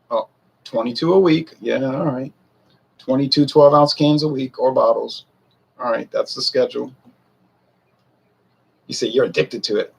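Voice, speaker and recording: Man, forties, gravelly, husky, rambling, defensive, talking to viewers. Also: mid-range voice. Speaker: whiskey reviewer. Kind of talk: casual talk to camera.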